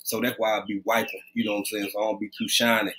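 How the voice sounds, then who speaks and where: A man's voice: fairly low pitch, flat delivery, fast talker, fairly bright tone, a little hiss or hum. Easygoing man chatting on a live stream. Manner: greets viewers by name, loose and conversational. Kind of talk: casual live stream chat. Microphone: webcam, leaning close.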